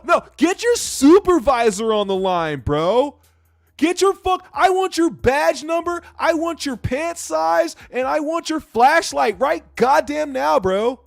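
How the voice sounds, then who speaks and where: A man's voice: gravelly, no room sound, clean studio sound, exaggerated voice. A man voicing an entitled young male driver who whines indignantly and says "bro" constantly. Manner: shrill outraged whining, says "bro" constantly.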